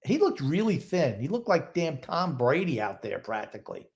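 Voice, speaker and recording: A man's voice: on the high side, big pitch swings, normal speed, a little mellow. A man co-hosting a casual sports podcast, giving blunt, grumbling opinions. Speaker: podcast co-host.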